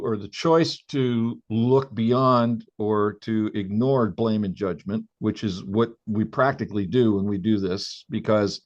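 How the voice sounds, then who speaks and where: A man hosting a podcast, speaking reflectively and haltingly with many restarts. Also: medium pitch. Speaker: podcast host. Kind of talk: podcast conversation. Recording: dull lo-fi sound.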